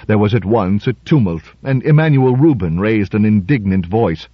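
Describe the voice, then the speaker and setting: A man narrating a story in a measured storytelling voice. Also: on the low side, expressive, slightly rough, no room sound. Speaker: audiobook narrator. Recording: dull lo-fi recording.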